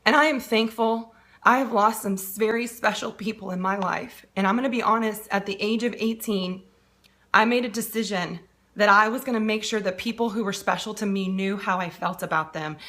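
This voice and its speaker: A woman's voice: medium pitch, moderate pace, fairly bright tone. A woman coaching on a live stream, greeting viewers by name, then speaking earnestly about loss while holding back tears. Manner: earnest, heartfelt. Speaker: financial and business coach.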